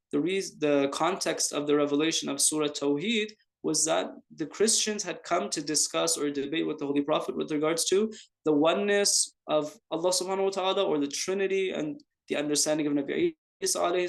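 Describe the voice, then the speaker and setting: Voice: medium pitch, creaky. A teacher walks a class through scripture, mixing in Arabic terms and honorifics. The delivery is explanatory, with rhetorical questions, repetition for emphasis and frequent restarts. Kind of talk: online class lecture.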